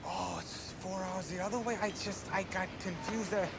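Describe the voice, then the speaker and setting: A man's voice: sits high, steady tone, moderate pace, creaky, noisy background. An actor playing a harried male ad producer who stammers and dodges questions. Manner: stammering, evasive.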